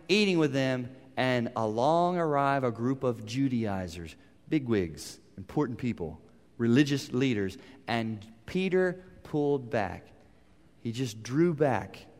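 A man preaching a sermon, asking rhetorical questions and swinging between loud, pressing lines and hushed ones. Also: mid-range voice, big pitch swings, slow, big-room sound. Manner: dramatic shifts from loud to quiet, rhetorical questions. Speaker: pastor.

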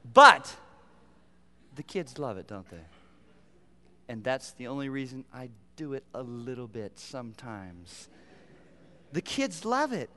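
A man preaching a sermon, telling a humorous story that swings from loud outbursts to hushed, quiet lines. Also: high-pitched, very animated, measured pace, long pauses, smooth, long reverb tail. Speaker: pastor.

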